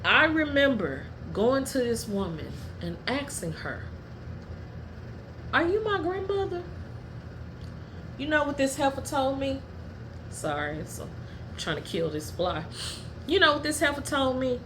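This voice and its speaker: A woman hosting her own podcast, telling personal stories in a blunt, profane and heated way, at times dropping low and quiet. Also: very animated, a little slow, slight background noise. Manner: drops low and quiet when telling family matters. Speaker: podcast host. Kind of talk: candid personal storytelling.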